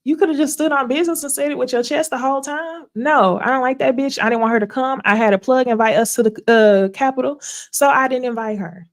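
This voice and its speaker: Blunt, animated woman recapping reality TV. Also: high-pitched, brisk. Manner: animated, blunt and profane, laughs often. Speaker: host.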